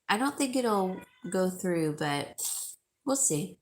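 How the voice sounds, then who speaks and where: A woman's voice: on the low side, animated, slow. A middle-aged woman hosting a live jewelry sale, chatting emotionally with viewers and calling them by name. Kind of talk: casual chat with viewers.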